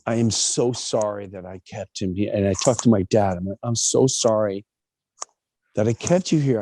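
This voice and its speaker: Animated middle-aged man telling stories. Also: slight background noise. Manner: animated, acts out other people's voices with big pitch jumps. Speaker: interview guest. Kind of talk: personal storytelling in an interview.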